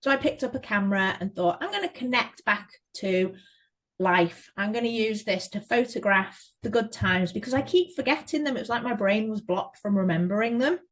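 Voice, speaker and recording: English woman guest on a podcast, lively storyteller, lots of likes and you knows, average pitch. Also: moderate pace, low-quality recording. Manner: lively storytelling with frequent fillers. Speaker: guest, photographer. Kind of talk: casual podcast interview.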